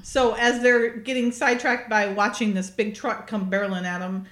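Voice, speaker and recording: A woman's voice: a little high, moderate pace. A woman in casual chat recapping a movie scene by scene, giggling often and acting out bits of dialogue. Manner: giggly, animated, retells scenes with quoted voices.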